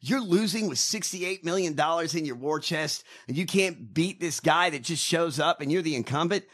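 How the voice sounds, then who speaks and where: A man's voice: a little high, expressive, moderate pace, fairly bright tone. A man co-hosting a casual political chat, ranting and mocking with lots of swearing. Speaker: podcast co-host.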